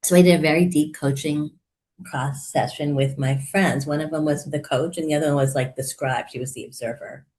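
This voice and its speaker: A woman in her sixties, a therapist and coach, chatting as a guest and telling her story with animated warmth and frequent laughter. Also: low-pitched, brisk, a little hiss or hum. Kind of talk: casual conversational interview.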